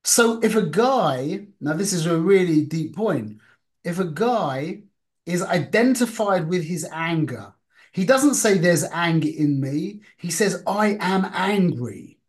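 A man's voice: on the high side, lively intonation, slow. A man giving an informal Torah class, talking conversationally, asking the group questions and mixing Hebrew and Yiddish terms into his English. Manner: asks the listeners questions. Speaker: Torah teacher.

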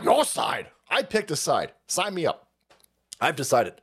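A man hosts his own livestream, tearing into the news in a foul-mouthed, mocking rant. His voice sits a little high and swings widely up and down as he laughs his way through it. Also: big pitch swings, normal speed, fairly bright tone. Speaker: livestream host. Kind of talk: profane political rant on a livestream.

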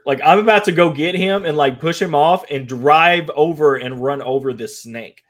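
A young man from the American Midwest, co-hosting a casual podcast and telling stories with lively, acted-out quotes. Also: moderate pace, few pauses. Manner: animated storyteller, acts out quotes in a high voice. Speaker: podcast co-host. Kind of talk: casual chat.

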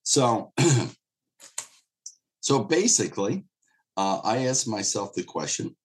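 A man with a fairly low voice gives a casual Bible teaching to an online group. He talks like a pastor chatting with his congregation, calling them folks and circling back over his words. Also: very animated, takes it slowly. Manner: conversational, repeats words and restarts, addresses listeners as folks. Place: streamed church teaching session.

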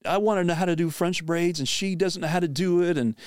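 A woman's voice: lowish voice, fairly quick, darkish tone, clear, resonant tone, no echo, studio quality, pitched above the performer's own voice, lightly acted. A man voicing his upset fourteen-year-old daughter with a whiny, plaintive voice. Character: upset teenage girl, fourteen, complaining.

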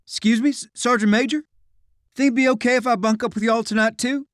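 A man voicing a young, eager, polite soldier with a fast, hesitant drawl. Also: very high-pitched, fairly even intonation, fairly bright tone, no echo, clean studio sound, pitched above the performer's own voice.

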